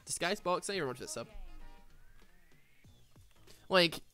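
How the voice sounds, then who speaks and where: A man's voice: fairly high pitch, expressive, unhurried, pushed and bright, faint music behind. A young man with a Glaswegian Scottish accent, chatting casually while playing a game, rambling with lots of "like", "man" and "dude". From Glasgow, Scotland. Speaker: streamer. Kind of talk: casual chat while gaming.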